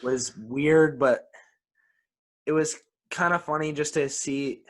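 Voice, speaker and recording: A man's voice: a little high, slow. Opinionated man co-hosting a film podcast. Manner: opinionated, repeats words when starting sentences. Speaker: podcast co-host. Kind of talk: casual film review chat.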